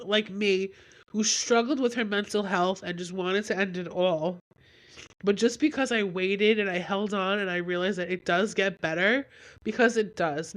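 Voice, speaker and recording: A woman's voice: medium pitch, fairly bright tone. A young woman hosting a solo podcast while getting over a cold, talking in a rambling, heartfelt way with lots of "like". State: has a cold. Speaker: podcast host. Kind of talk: candid solo podcast talk.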